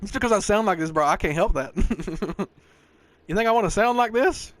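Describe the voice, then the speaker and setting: A man in his twenties with a thick Southern US accent hosts a casual podcast. He rambles and swears freely, tossing in "bro" and "dog" constantly. His voice runs a bit high for a man. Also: animated, normal speed, no echo. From American South. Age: 20s. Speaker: podcast host. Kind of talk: casual chat.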